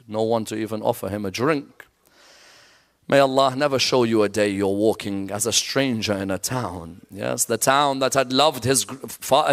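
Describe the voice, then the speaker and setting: A man's voice: fairly high pitch, vocal fry, a bit bright. A man delivering a religious sermon, telling a tragic story and rising into a chant-like lament. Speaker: Islamic lecturer.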